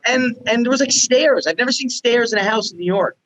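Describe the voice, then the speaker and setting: A man's voice: very high-pitched, fairly quick, a bit bright, a little hiss or hum, rough recording. A man from Canada, a podcast guest in casual chat, telling profane stories and acting out what people said. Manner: profane storyteller who acts out quoted people.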